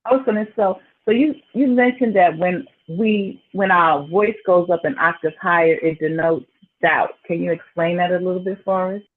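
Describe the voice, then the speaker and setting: A man's voice: sits high, moderate pace. A man on a group call politely and hesitantly asking the coach a question. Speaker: call participant. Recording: tinny phone line.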